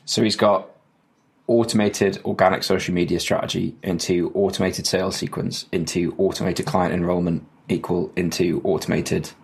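A man's voice: deep voice, little pitch movement, normal speed, vocal fry. A man co-hosting a podcast, chatting casually in a rambling, self-interrupting and jokey way. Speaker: podcast co-host. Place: at home during rain, remote call.

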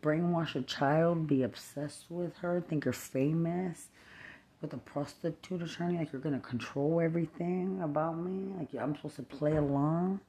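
A woman in an angry, profane rant, hurling insults over and over and swinging between shouting and low muttering.

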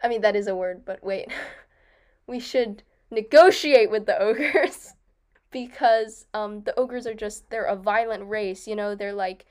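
A young woman co-hosting a casual book discussion, chatty and quick to laugh, often restarting and correcting herself. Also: medium pitch, steady tone, darkish tone, smooth. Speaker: podcast co-host.

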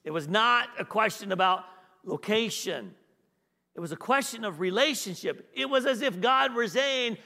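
High, bright-voiced male preacher in a reverberant hall. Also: animated, moderate pace, creaky. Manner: repeats key phrases for emphasis; conversational, asks the congregation questions. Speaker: guest pastor. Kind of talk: sermon.

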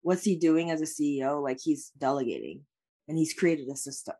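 A woman's voice: low voice, brisk, dark tone, slightly rough. Earnest woman guest, full of "like"s. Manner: earnest, uses many "like" fillers. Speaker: life coach and lawyer, guest. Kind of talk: reflective conversational interview answers.

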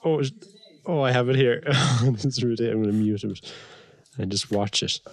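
A young Irish man co-hosting a podcast in casual banter, a wry and lively storyteller. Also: mid-range voice, brisk. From Ireland. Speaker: podcast co-host.

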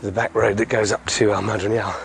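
A man's voice: fairly low pitch, flat delivery, brisk, creaky, soft background music. A middle-aged man hosting a community podcast outdoors, walking a hillside road and chatting casually with frequent chuckles.

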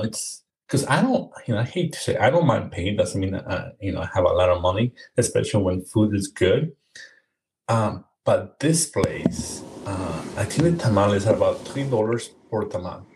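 Easygoing male co-host, lowish voice, faint hiss behind him. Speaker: podcast co-host. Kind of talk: casual chat.

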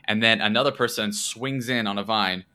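A man's voice: fairly low pitch, moderate pace, pushed and bright, smooth. A man narrating as game master, hesitant and full of filler words. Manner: hesitant, full of ums and likes.

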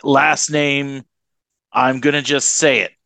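A man co-hosting a podcast in casual chat, halting and hesitant as he talks. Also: medium pitch, level tone, vocal fry, sharp tone, dry recording. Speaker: podcast co-host.

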